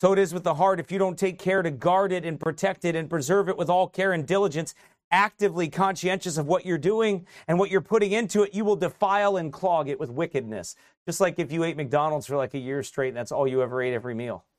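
Preaching conversationally and laughing often, a middle-aged pastor jokes his way through a sermon before rising to emphatic exhortation. He talks at a quick pace in a slightly high voice, recorded dry with studio quality.

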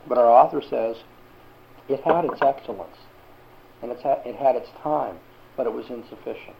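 Man teaching a Bible class, gravelly. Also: mid-range voice, wildly swooping pitch, measured pace, pauses often, dull audio. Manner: asks the class questions.

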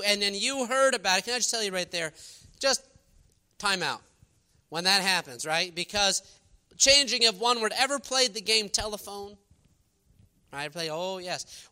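A male preacher with a high voice and a sharp, cutting tone delivers an animated sermon, climbing to emphatic peaks. He reads scripture in old-fashioned wording between stretches of plain talk. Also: smooth.

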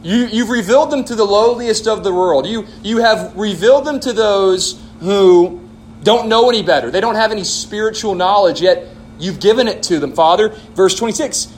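High-voiced man teaching Bible answers. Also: moderate pace, slight background noise. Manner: emphatic, quotes scripture, asks the audience. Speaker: church leader answering questions. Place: church hall.

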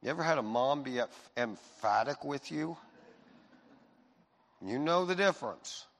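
A male pastor preaching with a bright, forceful voice that carries through a large hall with long reverb. He swings from loud emphasis to quiet reassurance as he speaks to his congregation. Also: medium pitch, lively intonation, a little slow, gravelly. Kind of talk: sermon.

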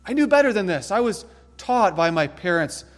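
Male preacher doing a remorseful man berating himself, voice pitched up. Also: big pitch swings, moderate pace. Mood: self-reproach. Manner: self-reproaching, raised pitch.

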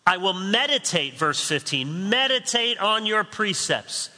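A man's voice: high voice, big pitch swings, normal speed, few pauses, bright, forceful tone. A man preaching a sermon as pastor, conversational with humorous asides, recorded in a large church sanctuary. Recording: long hall reverb.

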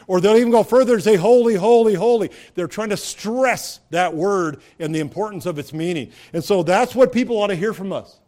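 A man's voice: high-pitched, lively intonation, brisk, hardly any pauses, darkish tone. A man preaching a sermon in a conversational way, asking rhetorical questions and rising to emphatic peaks. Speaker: pastor.

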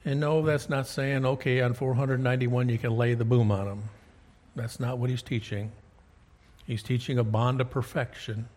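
A man's voice: mid-range voice, fairly even intonation, moderate pace, a little mellow. A man preaching a sermon as pastor, folksy and conversational, asking his listeners rhetorical questions.

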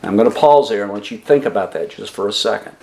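A man preaching a sermon as a pastor, slow and deliberate, asking the congregation questions and answering them himself, with emphatic pauses on key words. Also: on the low side, lively intonation, gravelly, a little mellow. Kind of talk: expository sermon.

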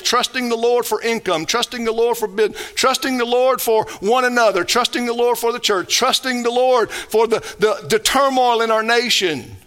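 A male pastor preaching a sermon, emphatic, moving between loud exhortation and quiet storytelling. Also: extremely high pitch.

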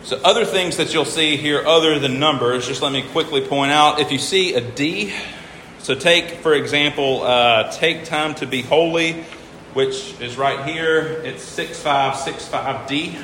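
Bright-voiced man teaching in an echoey hall. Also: on the high side, measured pace, a little hiss or hum. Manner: patient, stops to count syllables aloud and repeats himself. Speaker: teacher explaining hymn meters. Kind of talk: informal classroom lecture.

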